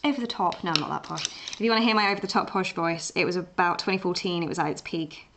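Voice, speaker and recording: A woman's voice: fairly low pitch, fast, a bit bright, a little hiss or hum. A young English woman with an Essex-tinged accent, chatting casually at home while she draws on a live stream, rambling with fillers and restarts. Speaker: livestream art host. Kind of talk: casual chat while drawing.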